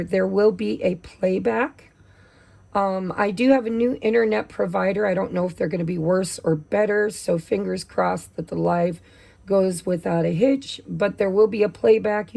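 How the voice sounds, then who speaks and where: A woman with a gravelly voice, losing her voice from allergies, doing a chatty, casual tarot reading. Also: mid-range voice, dark tone. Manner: chatty, with many fillers. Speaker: tarot reader.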